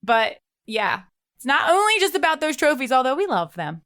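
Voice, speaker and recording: A woman's voice: high voice, big pitch swings, normal speed, a bit bright. A woman co-hosting a podcast, chatting with bubbly enthusiasm. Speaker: podcast co-host. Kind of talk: casual podcast chat.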